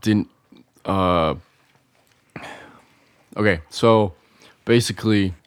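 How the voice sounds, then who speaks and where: A man co-hosting a podcast, telling a personal story in a halting, rambling way. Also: fairly low pitch, clean tone, no echo. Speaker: podcast co-host. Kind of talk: casual chat among friends.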